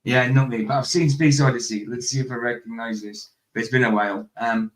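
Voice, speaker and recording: A man's voice: mid-range voice, fairly even intonation, brisk. A man hosting a casual chat over a remote call, laughing often and stumbling over his words. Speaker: host.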